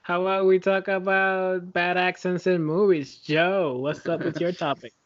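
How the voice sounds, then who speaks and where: High-voiced teasing man, lo-fi. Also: flat delivery, moderate pace, a bit bright. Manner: teasing, blunt. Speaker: podcast co-host. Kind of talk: casual banter about movies.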